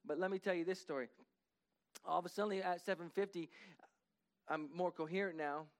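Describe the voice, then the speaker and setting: A man with a notably high voice delivers a sermon in a church sanctuary. He talks earnestly and conversationally, his intensity climbing as he urges the congregation on. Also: fairly even intonation, brisk. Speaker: pastor.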